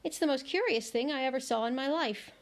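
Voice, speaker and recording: A woman's voice: high voice, brisk. A woman reading aloud, voicing a curious, polite young girl who muses to herself in a prim, slightly exasperated way. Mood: musing.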